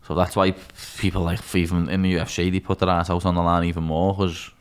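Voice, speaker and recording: A deep, clear, resonant voice with flat delivery belongs to this fast-talking podcast guest, a Liverpool MMA fighter in his twenties with a Scouse accent. He's frank and blunt, swearing freely and calling everybody "lad".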